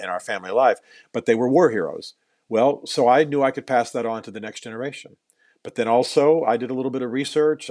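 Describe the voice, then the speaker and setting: A middle-aged man, an author interviewed on a podcast, tells stories earnestly, often repeating words as he builds a point and slipping in dry, self-deprecating jokes. His medium-pitched voice is a little mellow, with no room sound.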